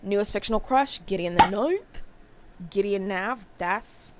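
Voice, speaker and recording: A young woman vlogging about books in a casual, expressive way, with sarcastic asides and casual swearing. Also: mid-range voice, unhurried. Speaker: book vlogger. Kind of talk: casual chat.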